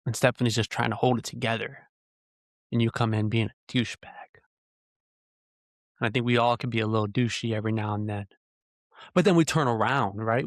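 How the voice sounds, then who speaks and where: In his own podcast, a man with a mid-range voice rants alone, earnest and heated, throwing out one rhetorical question after another. He's recorded dry on a close-up podcast mic.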